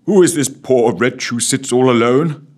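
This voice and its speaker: A squeaky, nervous old miser, voiced by a male narrator. His voice jumps high and wobbles, and he stays fussily polite while trembling. He, set in a comic storybook tale. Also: very animated, normal speed, breathy edge. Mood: timid. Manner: quavering, overly polite. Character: old male miser, timid, bleary and excitable.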